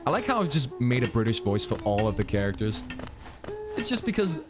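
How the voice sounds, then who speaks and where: A man's voice: medium pitch, big pitch swings, a little fast, music in the background. A man in his twenties casually ranting and swearing while he plays a game. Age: 20s. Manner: ranting, profane, rambling. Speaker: gaming streamer. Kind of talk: casual playthrough chat.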